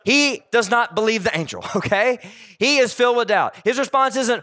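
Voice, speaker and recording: Animated male pastor with a high voice. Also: normal speed. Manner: animated, jokey, voices characters in quotes. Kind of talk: sermon.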